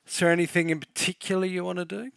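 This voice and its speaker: A man's voice: high-pitched, flat delivery, fast, gravelly, a bit bright, smooth, dry recording, studio quality. A man narrating a tabletop game as game master, playful and laughing.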